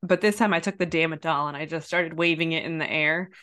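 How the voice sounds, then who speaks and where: Woman doing chatty storyteller, lively, laughs through her anecdote, spikes up for quoted outbursts. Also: fast talker. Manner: animated, jumps high when quoting herself; lots of fillers and restarts, laughs while telling. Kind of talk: casual chat, anecdote.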